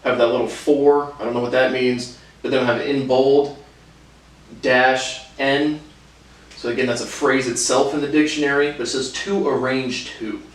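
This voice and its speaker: A man giving a casual video lesson on Spanish verbs, rambling and hesitant with many fillers. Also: medium pitch. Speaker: language learner teaching Spanish verbs. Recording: very echoey room, mic at a distance.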